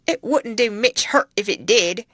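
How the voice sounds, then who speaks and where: A woman reading an audiobook brings in a rough, unschooled young farmhand from a classic novel. He talks slowly and loudly in broad rustic dialect, pitched a little above her low reading voice. The recording is close and dry. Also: wildly swooping pitch, no room sound, heavily acted. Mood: gruff.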